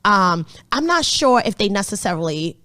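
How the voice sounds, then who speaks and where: A woman's voice: mid-range voice, sing-song, normal speed, sharp tone, no echo, studio quality. A woman in her thirties, a therapist co-hosting a podcast, talking candidly and animatedly with some swearing. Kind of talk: casual podcast conversation.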